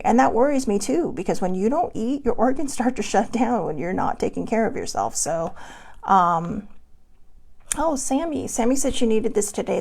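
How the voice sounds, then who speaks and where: A woman's voice: a little high, big pitch swings, moderate pace, vocal fry, a little mellow, slightly rough. A middle-aged woman hosting a casual self-help vlog from her desk at home, talking candidly and rambling with many fillers. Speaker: host.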